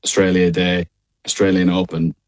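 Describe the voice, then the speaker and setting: An Irish man with a fairly low voice talks with easygoing looseness on a radio show. He laughs often and stumbles through restarts and fillers, sounding like he is joining over a call. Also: level tone, moderate pace, darkish tone. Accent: Irish, middle of Ireland. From Ireland. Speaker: guest singer. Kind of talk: casual radio interview chat. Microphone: call line.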